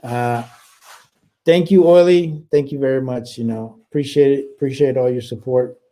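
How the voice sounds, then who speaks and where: This middle-aged man runs a casual livestream chat, reading viewer comments and addressing them as "bro." He tells rambling army stories with heavy swearing and frequent restarts, in a mellow, mid-range voice at a moderate pace.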